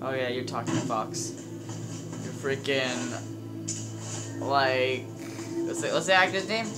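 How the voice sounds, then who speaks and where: Man, young adult, let's-play commentary, excitable, swearing, game music behind. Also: mid-range voice, slow. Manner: excitable, swears a lot, talks to companions in game. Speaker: gameplay commentator.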